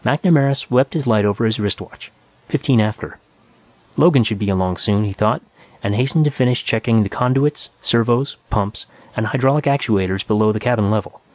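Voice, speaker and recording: A man narrating a science fiction story in a measured, even reading. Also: fairly low pitch, no room sound. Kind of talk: scripted audiobook narration.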